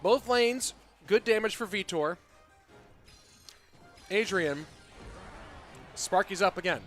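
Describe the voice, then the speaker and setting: Excitable male esports caster. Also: sits high, takes it slowly, soft background music. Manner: excitable play-by-play, chatty asides to viewers. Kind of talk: live game commentary with chat. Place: Austin, Texas.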